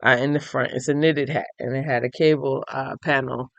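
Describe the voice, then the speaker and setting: A tired, yawning man hosting a crochet and knitting podcast, chatting casually as he shows his items to viewers and thinks out loud. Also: mid-range voice, steady tone, normal speed, gravelly, no echo, highs cut off. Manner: chatty, thinks aloud, addresses viewers directly. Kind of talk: casual show-and-tell chat.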